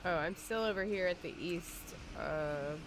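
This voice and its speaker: Speaking a little slowly in a voice on the low side, this podcast co-host games on a livestream amid background noise. She's giggly and chatty, with lots of fillers in her casual talk.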